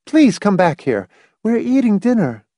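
A man voicing a brisk, sharp-tongued woman of the house, speaking quickly and crisply. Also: high-pitched, animated, no room sound, voice pushed up.

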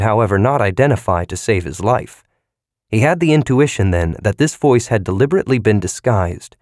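A man with a low voice reads a novel in measured, even narration. The recording is dry and close, with no room sound. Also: no echo. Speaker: audiobook narrator. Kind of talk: scripted narration.

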